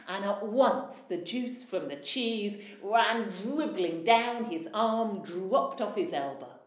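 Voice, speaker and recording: A woman storyteller telling a folktale aloud in an animated way, swelling in loudness at the dramatic moments. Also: mid-range voice. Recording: echoey room.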